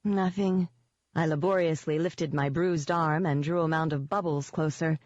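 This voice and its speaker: An audiobook narrator reading a first-person fantasy novel at a steady, measured pace. The sound is dull with muffled highs, and completely dry with no room echo.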